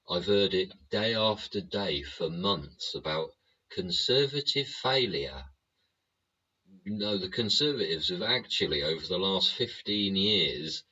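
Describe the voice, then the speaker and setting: Host, very low, husky and punchy, swears nonstop in a rant, dull lo-fi sound. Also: male voice, bright, forceful tone. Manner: swears constantly, rhetorical tag questions. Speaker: show host. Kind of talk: profane political rant monologue.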